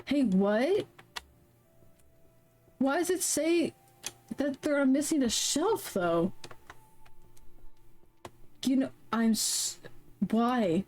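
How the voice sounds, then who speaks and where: This woman's high voice has lively intonation and a slightly mellow tone, and she talks extremely slowly with many pauses. On her casual stream she swears often, seems flustered and confused, and sings along to background music between comments.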